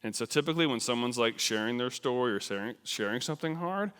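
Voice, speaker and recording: A man's voice: mid-range voice, fast, smooth. Man preaching in a reverberant church. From New Jersey, USA. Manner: conversational, animated, self-deprecating. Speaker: missions speaker. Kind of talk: sermon. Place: church sanctuary. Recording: long hall reverb.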